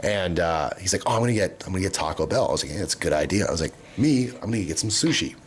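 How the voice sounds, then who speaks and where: A man's voice: low-pitched, rapid-fire. A man co-hosting a livestream, telling stories in casual chat and acting out the voices of the people in them. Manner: animated storyteller, acting out voices in his stories. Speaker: co-host of a livestream show.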